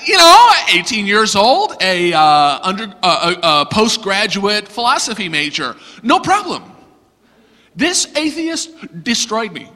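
Male pastor, high and lively voice, self-deprecating storytelling, long hall reverb. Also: unhurried. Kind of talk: sermon with humorous storytelling.

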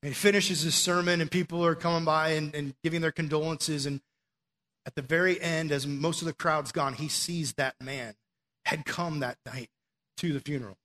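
A man preaching a sermon in a relaxed, conversational way, telling stories and often dropping in "like" as a filler. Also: a little high, moderate pace. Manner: conversational storytelling with frequent "like" fillers.

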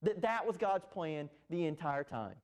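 Man preaching, high voice, earnest, emphatic. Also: expressive, unhurried. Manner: earnest, emphatic, with fillers and restarts. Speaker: pastor. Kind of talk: expository sermon.

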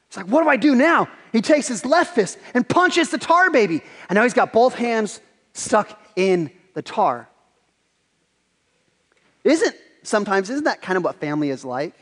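High-voiced man preaching in a reverberant hall. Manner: animated storytelling with repeated words. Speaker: pastor. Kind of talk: sermon.

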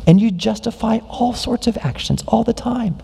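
A man preaching a sermon, asking many rhetorical questions and acting out quoted voices with big pitch jumps. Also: normal speed, gravelly, warm tone, a little hiss or hum. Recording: long hall reverb.

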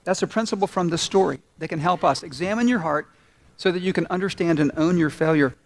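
A man preaching a sermon, telling a story earnestly and slowing down to stress key points. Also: on the high side. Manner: earnest, storytelling, slows down for emphasis. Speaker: pastor.

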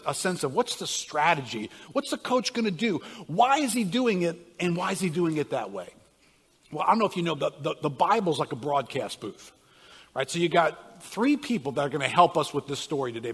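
A man preaching a sermon in a lively, conversational way that builds to emphatic peaks. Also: a little high, husky. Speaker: pastor. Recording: long hall reverb.

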